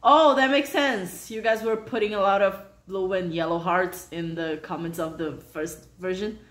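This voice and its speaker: A woman hosting a reaction channel, reacting out loud to a fan video in an expressive, exclamatory, chatty way. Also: fairly low pitch, normal speed, reverberant.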